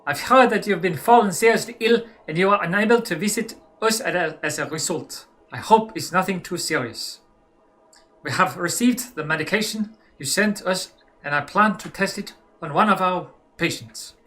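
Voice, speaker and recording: A man's voice: high voice, moderate pace, a bit bright, voice pushed up. A man voicing a formal, weary German male head doctor in a mock German accent that drifts toward French, reading a letter in a theatrical way.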